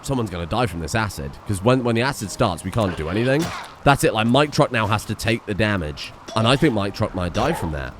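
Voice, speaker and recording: A young man commentating his own gameplay, swearing and panicking as he shouts orders at his characters. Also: on the low side, expressive, a little fast, noisy background. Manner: swears and panics, swinging from mutters to yelps. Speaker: gaming streamer.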